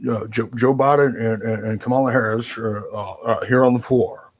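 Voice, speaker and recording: A man doing a halting old senator. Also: mid-range voice, fairly even intonation, close to an everyday voice. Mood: stumbling. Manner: slow, stumbling, repeated words. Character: halting elderly male senator giving a speech.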